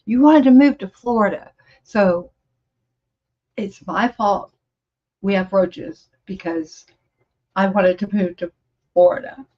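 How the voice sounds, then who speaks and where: A woman's voice: mid-range voice, slow, long pauses, muffled recording. A woman voicing her stubborn husband as he insists the problem is her fault, in a slightly raised voice. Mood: accusing. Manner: accusing, insistent. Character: stubborn blaming husband, middle-aged man.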